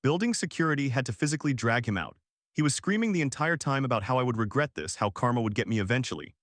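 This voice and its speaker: A man reading a first-person family drama story aloud in a calm, even narrating voice. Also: mid-range voice, quick pace, dry recording, clean studio sound.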